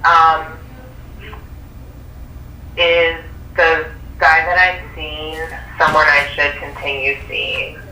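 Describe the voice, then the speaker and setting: A woman calling in to a tarot reading, speaking hesitantly and haltingly. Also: low voice, level tone, sharp tone, echoey room, a little hiss or hum. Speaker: caller. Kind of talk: phone call-in. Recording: tinny phone line from far off.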